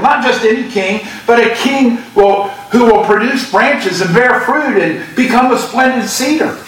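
High-voiced male preacher in an echoey church. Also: moderate pace, hardly any pauses, fairly bright tone. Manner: preaching with emphatic Scripture reading. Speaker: pastor. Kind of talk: sermon. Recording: echoey church sound from a distant mic.

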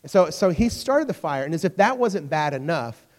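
A young man giving a sermon as a youth pastor, telling stories in a joking, animated way and talking straight to his audience. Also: a little high, normal speed. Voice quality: storytelling, jokey and animated, talks to crowd. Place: church hall. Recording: long hall reverb.

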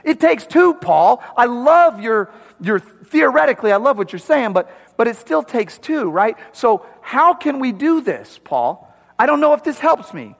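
A male pastor delivers an animated sermon with a notably high-pitched voice. He talks emphatically and keeps asking the congregation questions. His voice rings out with a long reverb from the sanctuary. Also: moderate pace.

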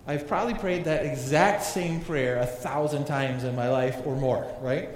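A man's voice: mid-range voice, normal speed, few pauses, slight background noise. A man preaching a sermon in a conversational way, asking his congregation questions as he goes. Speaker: pastor. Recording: echoey hall with long reverb.

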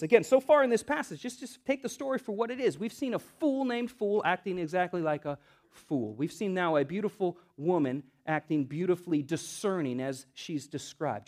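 Animated high-voiced Southern preacher. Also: male voice. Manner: animated, swings from loud bursts to hushed asides. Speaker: pastor. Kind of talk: sermon.

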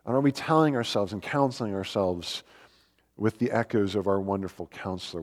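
With long hall reverb on the recording, a man whose voice is on the low side preaches fairly quickly. He's a pastor giving an earnest, emphatic sermon full of rhetorical questions and scripture quotations.

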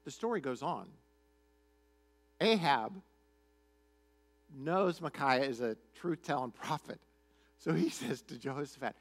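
A man preaching a sermon, retelling a story in an animated, chatty, conversational way. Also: medium pitch, a little slow, pauses often. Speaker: pastor.

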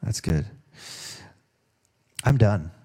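A man's voice: fairly low pitch, expressive, extremely slow, mellow, husky. A middle-aged man preaching a sermon in a folksy, conversational way, often restarting his sentences. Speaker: pastor.

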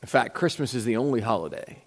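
A pastor preaches a sermon in a conversational storytelling style, acting out the dialogue of the people in his stories. His male voice is medium in pitch, fast, and lively in intonation. The recording carries long hall reverb.

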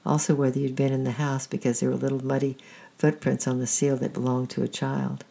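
A storyteller reading the lines of a kind grown man who speaks gently and reassuringly, in a creaky, husky voice. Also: medium pitch, level tone, a little fast.

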